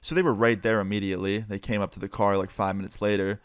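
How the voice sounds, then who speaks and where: A man's voice: fairly low pitch, fast talker, clear, resonant tone, no room sound, studio quality. Young man casually telling a storytime. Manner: casual, profane, excited retelling. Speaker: YouTuber. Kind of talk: storytime monologue.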